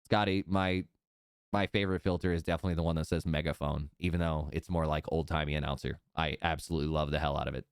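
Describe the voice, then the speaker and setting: A man hosting a live-streamed draft, announcing picks in a relaxed, upbeat way. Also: extremely low pitch, fast, smooth, no room sound, clean studio sound. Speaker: draft host.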